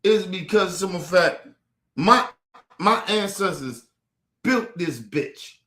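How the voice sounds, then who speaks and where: A man's voice: high voice, expressive, slow, pushed and bright, roomy sound. A man ranting about politics on a stream, heated, profane and repetitive. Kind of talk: ranting commentary. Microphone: streaming mic.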